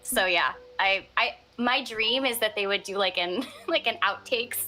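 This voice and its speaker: A woman's voice: medium pitch, a little slow, sharp tone, soft background music, low-quality recording. A woman chatting playfully with a co-star over a game, laughing often. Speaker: voice actor guest. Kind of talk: casual chat over a game.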